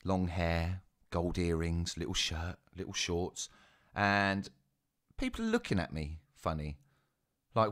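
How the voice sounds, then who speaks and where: A young man tells a casual story in a very deep, low voice. He is chatty and self-mocking, often turning to his listeners with asides. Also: animated, measured pace. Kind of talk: casual spoken anecdote.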